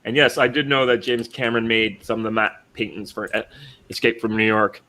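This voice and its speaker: A man's voice: on the low side, level tone, a little fast, sharp tone. A man chatting casually about films, hesitant and full of fillers, sounding a bit tired. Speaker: podcast co-host. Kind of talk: casual movie chat.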